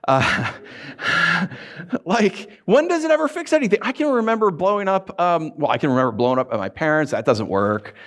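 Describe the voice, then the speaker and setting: A man preaching a sermon, telling stories in an animated way, acting out voices and laughing often. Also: fairly high pitch, normal speed. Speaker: pastor.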